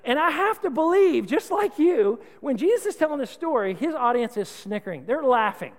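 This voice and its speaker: A man's voice: very high voice, moderate pace, long reverb tail. A man preaching a sermon, conversational and humorous, urging his congregation and having them repeat words back to him. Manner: animated, conversational, humorous, exhorting. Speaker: pastor.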